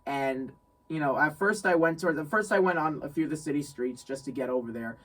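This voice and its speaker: A young man from New York telling a story in casual chat, animated, laughing often and repeating phrases. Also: fairly high pitch, brisk, recorded from a distance, low-quality recording. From New York State. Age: young adult. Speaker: guest friend.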